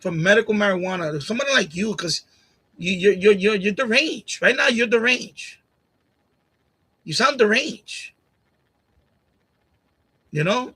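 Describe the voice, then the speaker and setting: A man's voice: very high-pitched, bright, forceful tone, slightly rough. A middle-aged man hosting a live stream, talking casually and turning heated and repetitive as he confronts someone in the chat. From Puerto Rican family, grew up partly in Puerto Rico. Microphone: USB condenser mic on boom arm.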